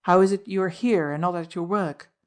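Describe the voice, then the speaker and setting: Woman doing an arrogant male count, commanding, jealous, audiobook, lowish pitch. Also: a little fast, natural voice. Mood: haughty. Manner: haughty, commanding. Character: haughty, jealous middle-aged male count and magnate.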